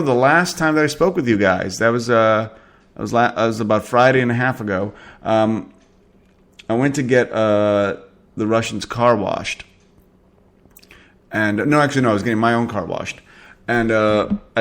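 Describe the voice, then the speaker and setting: A man hosting a casual web radio show, talking in a rambling, profane way with lots of fillers. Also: medium pitch. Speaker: podcast host. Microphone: home podcast setup.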